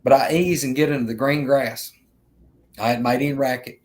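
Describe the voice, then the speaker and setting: A man from with a mid-pitched voice. He tells a rambling, earnest story straight to his viewers, circling back and repeating himself as he goes. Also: fairly even intonation, brisk. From Alabama, US. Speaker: vlogger telling an encounter. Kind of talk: casual storytelling.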